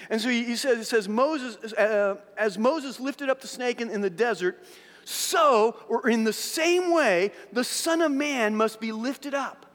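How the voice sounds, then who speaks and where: A man with a very high voice preaching in a church hall, his words trailing into a long reverb. He tells a Bible story in an animated way, restarting and repeating words as he goes. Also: a little slow. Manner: animated storytelling, acting out voices of biblical figures. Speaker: pastor. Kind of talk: sermon.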